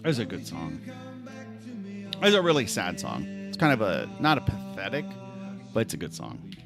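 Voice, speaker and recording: A man's voice: deep voice, wildly swooping pitch, moderate pace, gravelly, music in the background. A man hosting a livestream, telling a story in a casual, chatty way with lots of filler words and the odd swear. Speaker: livestream host.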